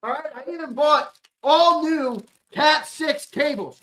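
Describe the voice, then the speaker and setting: This male sports show host is profane and excitable, with a very high-pitched voice and a slow delivery. On a casual livestream chat with viewers, he rants with sudden loud outbursts, trades jokey banter, and laughs as he reacts to comments.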